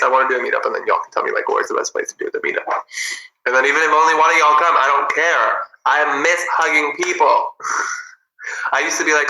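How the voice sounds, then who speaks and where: A man chatting casually with viewers on a livestream, bubbly and giggly, in an animated way. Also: on the high side, moderate pace, roomy sound, low-quality recording. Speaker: livestream host.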